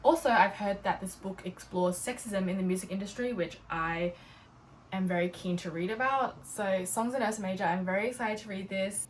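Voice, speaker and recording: A young woman chatting casually and bubbly about her new books, with lots of "like" as she talks. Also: mid-range voice. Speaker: book vlogger. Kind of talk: casual book haul chat. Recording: a little distant from the mic, faint room noise.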